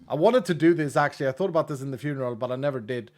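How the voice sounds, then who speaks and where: A man's voice: medium pitch, very fast, darkish tone. A man streaming a game, chatting casually and rambling, often laughing. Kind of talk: casual gaming commentary.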